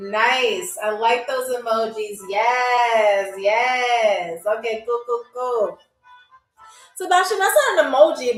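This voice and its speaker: A woman hosting a live-stream trivia game show, chatty and upbeat, stretching out words as she teaches them. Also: high voice. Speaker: livestream game show host. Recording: roomy, slightly distant mic with faint music.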